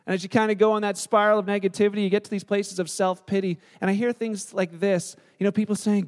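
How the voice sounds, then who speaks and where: A male pastor preaching a sermon in a relaxed, conversational storytelling way. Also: high-pitched, quick pace, few pauses, big-room sound.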